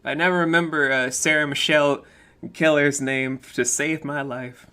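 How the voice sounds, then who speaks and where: Male podcast host, bright tone, jokey and talkative, loose conversational delivery. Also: on the high side, steady tone, moderate pace, clear, resonant tone. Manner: joking, chatty, slips into comic voices. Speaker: interview host. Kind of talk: casual online interview.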